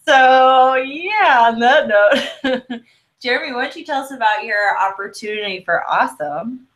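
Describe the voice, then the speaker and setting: A woman's voice: on the high side, animated, a little slow, a bit bright. A woman co-hosting a casual chat, bubbly and chatty, laughing often, with a slight American Southern drawl. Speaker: co-host.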